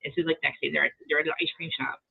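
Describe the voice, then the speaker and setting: A woman's voice: low voice, flat delivery, rapid-fire, vocal fry, breathy edge. A woman recapping reality TV in a rambling, profane casual chat, acting out quotes from the show. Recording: tinny phone-like call audio.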